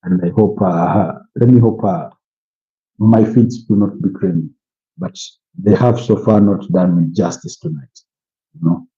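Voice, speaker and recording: A man's voice: deep voice, unhurried, warm tone. A tired, yawning man from Uganda hosting a football watch-along, rambling with lots of "you know" fillers. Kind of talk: casual live commentary and opinion. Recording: muffled lo-fi stream audio.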